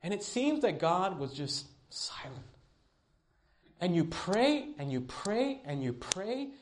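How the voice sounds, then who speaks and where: A middle-aged man preaching a sermon in an earnest voice, rising to pleading and dropping to quiet tones. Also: big pitch swings, takes it slowly. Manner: earnest, swings from pleading highs to quiet lows. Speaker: pastor.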